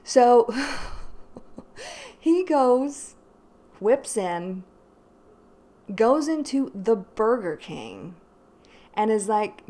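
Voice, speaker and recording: A woman's voice: fairly high pitch, huge pitch swings, very slow, long pauses, warm tone. A woman hosting her own channel, casually telling a rambling personal story to viewers, full of "like" and "you know". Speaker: tarot reader and channel host.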